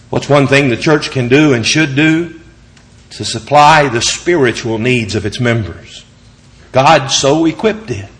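A man preaching a sermon, reading scripture slowly with rising and falling emphasis. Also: mid-range voice, fairly bright tone.

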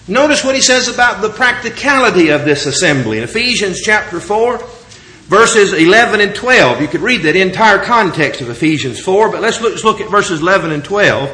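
Preacher, male, slightly high-pitched, measured scripture reading with strong emphasis. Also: pushed and bright. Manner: reads scripture slowly with rising and falling emphasis. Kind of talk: sermon.

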